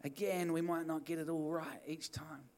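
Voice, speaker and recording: Male NZ preacher, high-pitched, fervent and repetitive, church sermon. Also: steady tone, normal speed, a little mellow, a little hiss or hum. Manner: fervent, repetitive exhortation with restarts. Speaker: pastor.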